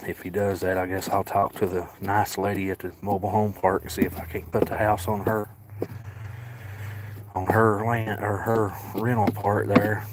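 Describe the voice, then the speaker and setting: Deep-voiced man coaxing cats. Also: level tone, moderate pace, very noisy. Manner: folksy, talks softly to the cats and coaxes them. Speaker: cat sanctuary caretaker streaming live. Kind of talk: casual live-stream vlog, talking to cats. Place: outdoors by a cat colony.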